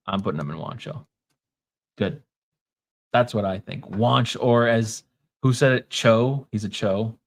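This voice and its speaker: A man with a Minnesota accent hosting a casual livestream, talking in a wry, offhand way and reading comments from the chat aloud. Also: mid-range voice. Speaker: podcast host.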